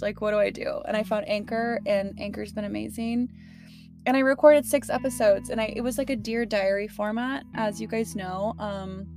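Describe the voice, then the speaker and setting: A young woman hosting her podcast from her car, talking casually and emotionally with lots of fillers. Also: medium pitch. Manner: chatty, emotional, many fillers and laughs. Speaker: podcast host. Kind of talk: casual heartfelt podcast talk.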